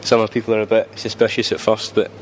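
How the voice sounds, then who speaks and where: Brief: Scottish shop man, low-pitched, dry short answers, faint hum behind. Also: monotone, quick pace. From Scotland. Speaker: village shopkeeper. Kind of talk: casual interview. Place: small village shop.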